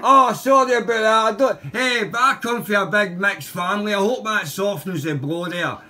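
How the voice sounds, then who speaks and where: A man's voice: sits high, moderate pace, sharp tone. A Glaswegian man chatting over amateur radio, friendly and talkative, calling the other man brother and mate. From Scotland. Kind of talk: casual radio contact chat.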